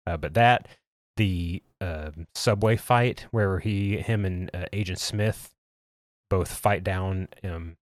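A man co-hosting a podcast in an easygoing, casual manner, pausing and restarting often. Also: deep voice, dry recording, clean studio sound. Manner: easygoing, hesitant with fillers. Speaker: podcast co-host. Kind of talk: casual chat. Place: podcast studio.

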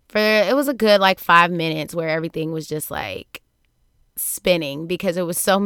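A woman talks into a studio microphone, recounting a family story in a loose, chatty way and slipping into the voices of the people she quotes. Her voice is smooth and clear, sitting a little low for a woman. The sound is dry and close, with no room around it. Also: dry recording. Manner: animated, acts out quoted voices, laughs often. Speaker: podcast host. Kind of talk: casual storytelling monologue.

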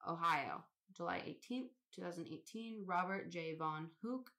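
A woman's voice: fairly low pitch, normal speed, bright, forceful tone. A woman co-hosting a casual podcast, reading a long list aloud, swearing now and then and laughing at odd names. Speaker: podcast co-host.

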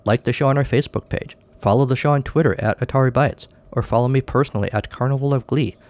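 A man's voice: mid-range voice, quick pace, a little mellow. A man hosting a podcast, reading a short story aloud and closing the show with offhand, dry remarks. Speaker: podcast host.

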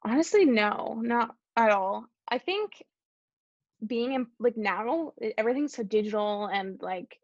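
A woman's voice: a little high, lively intonation, a little slow, no room sound, highs cut off. A young woman from Canada, a guest chatting casually in an interview, full of "like" fillers. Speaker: guest, YouTuber.

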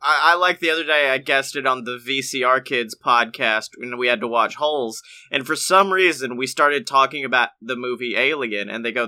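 A man co-hosting a casual theme park podcast, excitable and quick to laugh, ranting with rising energy. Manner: excitable, laughs often, rants with rising pitch. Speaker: podcast co-host. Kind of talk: casual chat.

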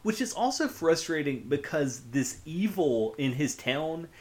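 A man's voice: on the high side, expressive, a little slow. A man co-hosting a casual chat, adding wry quips and often laughing. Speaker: podcast co-host.

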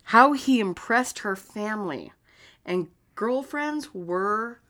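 A woman's voice: medium pitch, animated, slow, fairly bright tone. A young woman co-hosting a casual podcast, swearing a lot and breaking into laughter while reading a true-crime story. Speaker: podcast co-host.

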